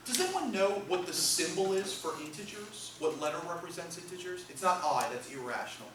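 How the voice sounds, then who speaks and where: A man's voice: high-pitched, animated, fairly quick, hardly any pauses, a bit bright, slight background noise. A man giving a math lecture in class, joking with students and tagging nearly every phrase with "okay?". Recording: echoey classroom from far off.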